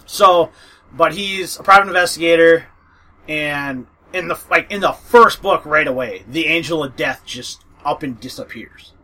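A man's voice: fairly high pitch, a little slow, pushed and bright, poor audio. A man chatting casually about fantasy audiobooks, rambling with fillers, swearing and laughing often. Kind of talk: casual book recommendation chat.

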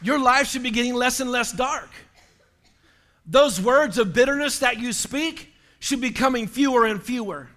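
High, bright-voiced preaching man. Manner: impassioned preaching, rising to shouts. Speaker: pastor. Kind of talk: sermon.

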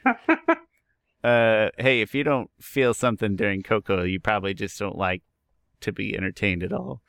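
A man's voice: on the low side, animated, moderate pace, vocal fry, fairly bright tone, clear, resonant tone, no echo. A man co-hosting a casual movie review chat, wry and teasing. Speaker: podcast co-host.

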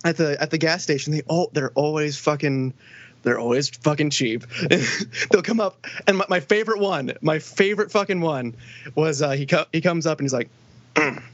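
A man chatting casually on a podcast, excitable and swearing often. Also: on the high side, normal speed, no echo. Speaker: podcast co-host. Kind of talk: casual chat. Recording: dry, dull lo-fi audio.

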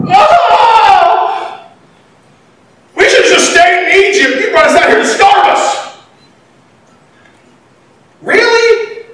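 A man preaching a sermon, animated, swinging between loud and quiet. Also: very high-pitched. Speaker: pastor. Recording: echoey hall, mic at a distance.

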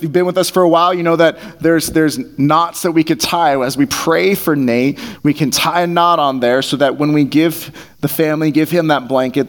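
A man's voice: mid-range voice, vocal fry. A man preaching a sermon as pastor, conversational and earnest, repeating phrases for emphasis, on a mic taped to his face. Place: church hall. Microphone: headset mic taped to face.

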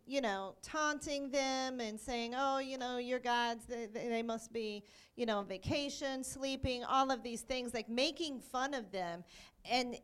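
Animated high-voiced woman teaching scripture. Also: clear, resonant tone. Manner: animated storyteller, acts out quotes. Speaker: church teacher.

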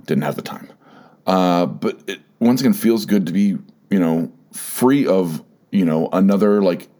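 A man's voice: low voice, warm tone. A man hosting a solo podcast, rambling candidly and filling his talk with "like" and "you know," swearing now and then. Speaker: podcast host.

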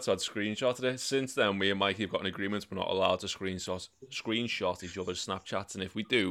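A young man telling crude stories in casual chat, swearing freely. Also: a bit bright. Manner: swears freely, laughs while telling stories, mimics voices in sudden high bursts.

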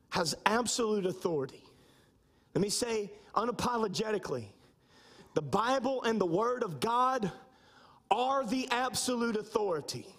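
High-voiced preaching pastor, emphatic. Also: male voice, a bit bright. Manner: emphatic, slows down for key points. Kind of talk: sermon.

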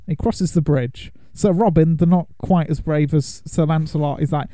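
A man's voice: a little high, steady tone, normal speed, hardly any pauses, dark tone, no room sound. A man co-hosting a podcast, casually and playfully recapping a film and slipping into silly voices. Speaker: podcast co-host.

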